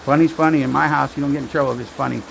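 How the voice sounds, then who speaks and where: A man's voice: medium pitch, fairly even intonation, rapid-fire, gravelly, slight background noise, poor audio. A man telling rambling jokes with dry asides on a casual livestream while he watches a storm.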